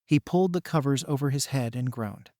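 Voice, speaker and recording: A man narrating a fan-written story in a steady, even reading. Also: medium pitch, fairly quick, no room sound, clean studio sound.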